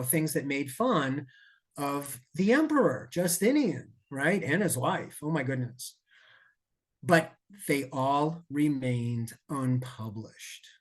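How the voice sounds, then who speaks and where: Guy on a podcast spinning a long story, chatty, lots of asides and restarts, voice sits mid pitch. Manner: lively, digressive, with asides and self-corrections. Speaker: podcast guest, safety expert. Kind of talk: conversational storytelling.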